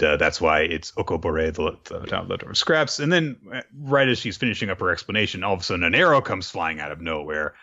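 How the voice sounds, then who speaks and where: An animated man with a lowish, bright, forceful voice recaps a story for a casual podcast, acting out the scenes and cursing freely. His pitch swings widely, and the audio sounds dull and lo-fi. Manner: animated, acts out scenes, swears. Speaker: podcast co-host.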